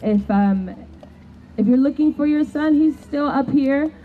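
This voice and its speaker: A woman's voice: high voice, a little slow, narrow, tinny audio, a little hiss or hum. A woman making hesitant announcements at an outdoor protest, with many fillers.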